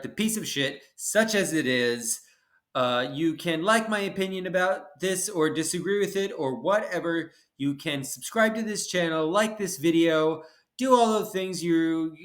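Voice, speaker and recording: Snarky guy in his 30s ranting abt an opera, swears a lot, lots of uhs, slightly high voice. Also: fairly bright tone. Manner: snarky and profane, with many hesitant fillers. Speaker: channel host. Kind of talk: opinionated opera summary monologue.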